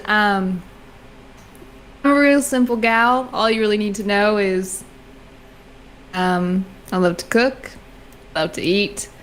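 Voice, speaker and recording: A woman's voice: medium pitch, a bit bright, slight background noise. A woman putting on a Southern US country accent to voice a simple, gun-loving country gal in a tabletop role-play intro. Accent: Southern US country, put on. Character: simple country gal who loves guns and fast cars.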